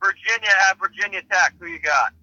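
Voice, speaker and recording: Bright, high-voiced male podcast host. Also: no echo, highs cut off. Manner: brisk, steers the segments. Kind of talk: casual sports chat.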